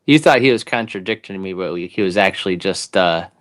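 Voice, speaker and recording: A man's voice: low-pitched, a little fast, a bit bright. A man co-hosting an investing show, chatting casually and rambling through his theories. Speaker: co-host. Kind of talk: casual chat.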